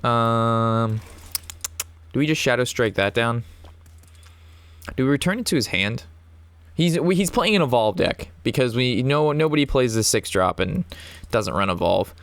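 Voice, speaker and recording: A young man in his twenties talks through a card game as he plays it, chatty and rambling. His pitch is mid-range for a man, and he swears freely and laughs often. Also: expressive, measured pace, long pauses, a bit bright, dry recording. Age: 20s. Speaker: card game player commentating his own match. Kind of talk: casual gameplay commentary mixed with an anecdote.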